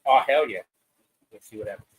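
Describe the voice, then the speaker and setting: A man's voice: on the low side, a little fast, husky, low-quality recording. A man hosting a live podcast, talking in a loose, rambling, profane way. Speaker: podcast host. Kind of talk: casual live-stream chat.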